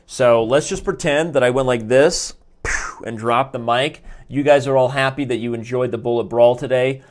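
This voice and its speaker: A man's voice: medium pitch, normal speed. A man reviewing chess games on a live stream, chatty and jokey, rambling with restarts and asides from his desk. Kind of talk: casual live game review. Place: indoors at a desk.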